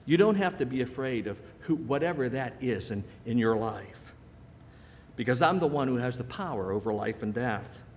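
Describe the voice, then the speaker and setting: A man preaching a sermon in a church with long reverb trailing behind each phrase. His voice sits at an average pitch, and he leans into key lines, slowing them down and lifting them for emphasis. A faint low rumble runs underneath. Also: expressive, darkish tone. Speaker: pastor.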